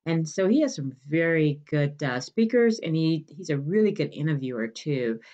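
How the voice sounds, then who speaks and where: A woman podcast host from Detroit tells a casual story to her listeners. Her pitch is a little low but swings widely, and she jumps up into a brighter voice when she acts out what people said. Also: moderate pace, lo-fi sound. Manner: animated, acts out quotes in a lively higher voice.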